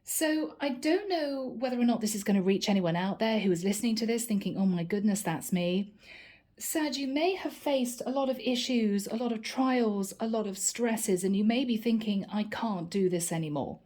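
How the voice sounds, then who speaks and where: A woman's voice: a little high, moderate pace, hardly any pauses, a little mellow. A woman giving a channeled tarot reading to her viewers, earnest and encouraging, often repeating her key phrases. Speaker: tarot reader.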